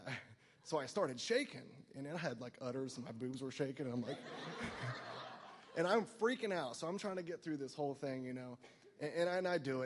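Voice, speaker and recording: A man's voice: medium pitch, long reverb tail. A man telling his personal recovery story to a meeting, rambling and self-mocking, filling his talk with "like" and "you know". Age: adult, no longer young.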